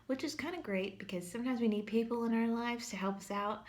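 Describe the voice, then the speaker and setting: A woman's voice: a little high, quick pace, few pauses. Chatty woman teaching a casual Bible lesson. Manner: chatty, humorous, says "like" a lot. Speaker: church teacher.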